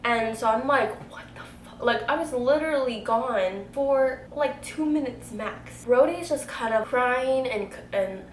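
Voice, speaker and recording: A young woman, telling a story to camera in a casual, animated way and swearing freely. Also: fairly high pitch, a little slow, hardly any pauses. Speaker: beauty vlogger telling a story. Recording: echoey room, faint background noise.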